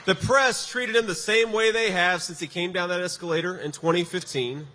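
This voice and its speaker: A man stirs up a crowd with a campaign rally speech, his voice bright and sitting high for a man. He hits lines with emphatic force and slips in sarcastic asides. The sound carries a long hall echo with faint noise underneath. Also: moderate pace. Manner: emphatic, punchy delivery with sarcastic jabs. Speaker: political candidate at a rally. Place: large rally venue before a crowd.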